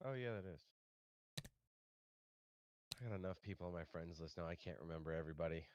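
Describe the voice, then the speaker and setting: Super deep voiced dude rambling on voice chat, kinda muffled. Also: male voice, a little fast, a little mellow, dry recording. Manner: laid-back, rambling. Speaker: visiting friend. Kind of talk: casual chat.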